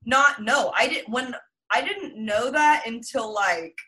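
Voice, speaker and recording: A woman's voice: a little high, slow, pushed and bright. A woman co-hosting a movie podcast, enthusiastic and chatty, saying "like" a lot. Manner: enthusiastic, says "like" often. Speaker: podcast co-host. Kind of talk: casual movie chat.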